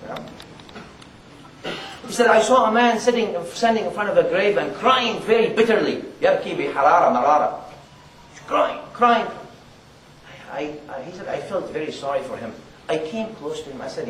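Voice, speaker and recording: A man giving a Friday sermon, earnest and repetitive, reciting Arabic verses quickly between his explanations. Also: high voice, animated, fairly bright tone, echoey room, far from the mic, a little hiss or hum, low-quality recording. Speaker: preacher.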